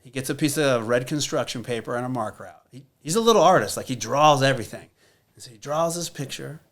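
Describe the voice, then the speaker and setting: A man's voice: mid-range voice, fast, fairly bright tone. A man in his thirties, a podcast guest, telling a personal story in a blunt, candid way, swearing often and using many fillers.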